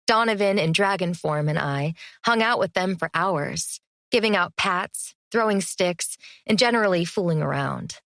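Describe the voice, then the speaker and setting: A woman narrating a first-person fantasy romance audiobook in a lively, expressive reading. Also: on the low side, moderate pace, creaky, no echo, studio quality.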